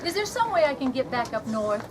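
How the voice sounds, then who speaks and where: A woman's voice: high voice, very animated, brisk, noisy background. A woman playing a puzzled Alice. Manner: polite, wondering, questioning. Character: puzzled young woman Alice, polite outsider. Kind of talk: outdoor live stage comedy skit. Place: outdoor reenactment event. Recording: distant voice amid outdoor crowd.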